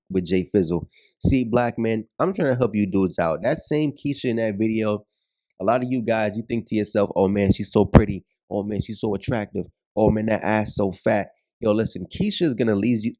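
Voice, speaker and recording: A man's voice: mid-range voice, warm tone, dry recording. A man giving a blunt, profane video commentary, ranting and repeating himself to drive points home.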